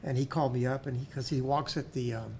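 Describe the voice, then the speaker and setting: A middle-aged man with a South Texas accent, a podcast guest who tells stories warmly, often restarting and repeating words. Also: medium pitch, steady tone, fast, slight background noise. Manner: warm storytelling with many restarts and repeated words. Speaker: podcast guest, school board member. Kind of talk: casual interview storytelling.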